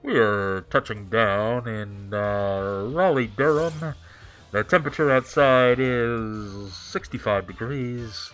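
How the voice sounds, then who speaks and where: A man putting on the voice of a calm male airline pilot giving a landing announcement in a measured announcer's delivery. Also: lowish voice, soft background music, pitched below the performer's own voice. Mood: calm announcing.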